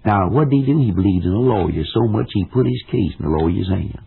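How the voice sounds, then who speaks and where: Gravelly old-time preacher on scratchy radio. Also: male voice, lowish voice, animated, quick pace. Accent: Southern American. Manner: folksy, emphatic, with plain homespun examples. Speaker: evangelist preacher. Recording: tinny, lo-fi vintage radio recording.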